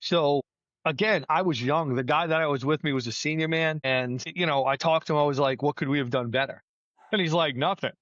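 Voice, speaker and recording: Middle-aged fire chief telling stories. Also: male voice, fairly high pitch, a little fast, dry recording, dull audio. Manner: storytelling, animated, plainspoken with mild swearing. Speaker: battalion chief, guest. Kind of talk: casual podcast conversation.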